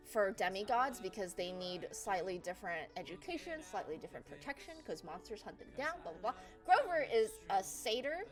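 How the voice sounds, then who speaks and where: A young adult woman giving a casual comic recap of a slideshow, rambling and profane, with lots of fillers and quick asides. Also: a little high. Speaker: presenter.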